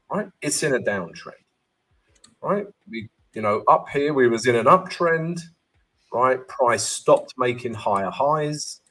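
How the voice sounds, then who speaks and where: Live-stream host, man, husky voice with lots of pitch movement, casual teacher who greets chat by name. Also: fairly bright tone. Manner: chatty, keeps asking "right?" and greeting viewers by name. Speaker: trading educator hosting a live stream.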